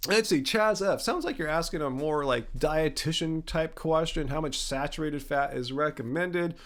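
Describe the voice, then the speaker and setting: A man hosts a laid-back live stream, reading viewer comments aloud. His voice sits a little high for a man and has a gravelly, fry-laden edge. He sneezes now and then. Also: moderate pace, fairly bright tone. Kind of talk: casual live Q&A chat.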